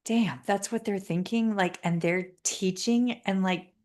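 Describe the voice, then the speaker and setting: A woman speech-language pathologist hosting a podcast, speaking candidly and with feeling, in rushes and restarts. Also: medium pitch, a little mellow. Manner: heartfelt, talks in rushes and restarts. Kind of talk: candid, emotional conversation.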